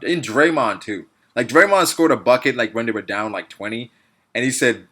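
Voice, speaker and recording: A young man hosting a casual sports chat, animated and laughing often, his sentences trailing off quietly. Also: mid-range voice, a little fast, husky. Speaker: podcast host.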